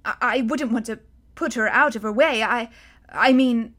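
A timid, polite older man, as a woman reader plays him in a spoken storybook. He hesitates and stammers, drawing his words out slowly. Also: on the high side, fairly bright tone.

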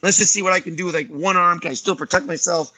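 A man's voice: high-pitched, quick pace, slight background noise, rough recording. A man, a martial arts teacher, talking casually on a podcast and acting out other people's lines as he tells stories. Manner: animated storyteller, acts out other people's lines.

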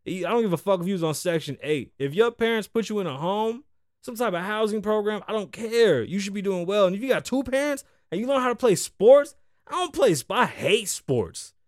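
A man's voice: high-pitched, lively intonation, brisk, no room sound, clean studio sound. A man from the Bronx, hosting a podcast in loose, profane, riffing chat and teasing his co-host. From the Bronx, New York. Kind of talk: casual freestyle podcast talk.

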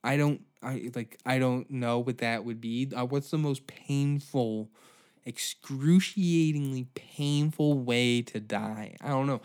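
A man's voice: mid-range voice, takes it slowly, darkish tone, clean tone. Profane, rambling male podcast host. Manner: swears constantly, rambling, exaggerated outbursts. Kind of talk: profane comedic rant.

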